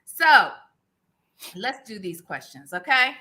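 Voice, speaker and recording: A woman's voice: medium pitch, very animated, slow, sharp tone. A woman hosting a casual livestream interview, chatty and playful, laughing often. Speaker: host.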